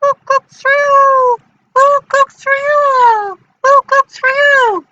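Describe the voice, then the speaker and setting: A woman voicing a polite owl applying for a job, calm and matter-of-fact, with a hoot far above her usual pitch. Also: takes it slowly, no echo, muffled recording, heavily acted.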